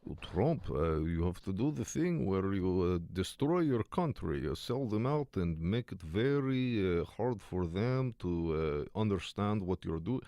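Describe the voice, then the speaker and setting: A man's voice: sits low, expressive, measured pace, few pauses, dark tone, no room sound, clean studio sound. A man voicing a mock Russian leader in a put-on Russian accent, mocking and drawn out.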